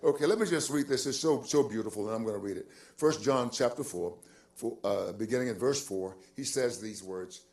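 An older male pastor preaching a sermon, moving from soft, musing asides to loud, drawn-out emphasis, repeating phrases and chuckling as he goes. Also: mid-range voice. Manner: swings from quiet musing to loud, stretched-out emphasis.

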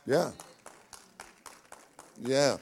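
A male pastor delivers a sermon at a mid pitch. His delivery is folksy and homespun, and he repeats short phrases to drive his points home. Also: very slow, creaky, a little mellow, some chatter behind, slight background noise.

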